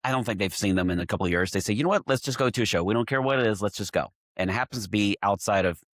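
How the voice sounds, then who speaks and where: A man from Texas, a winemaker guest on a podcast, telling a story in steady detail. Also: on the low side, rapid-fire, no echo, clean studio sound. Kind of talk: casual chat.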